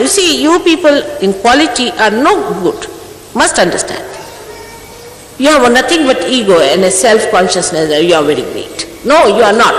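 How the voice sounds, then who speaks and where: Stern woman in her sixties, echoey hall. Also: a little high. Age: 60s. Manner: stern, admonishing, rhetorical questions. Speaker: spiritual teacher. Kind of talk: scolding talk to followers. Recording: echoey hall, faint background hiss.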